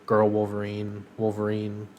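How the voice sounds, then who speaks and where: A man's voice: fairly low pitch, completely flat delivery, a little slow, highs cut off. A man co-hosting a podcast, chatting casually and rambling with lots of ums and uhs. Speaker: podcast co-host. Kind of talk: casual chat.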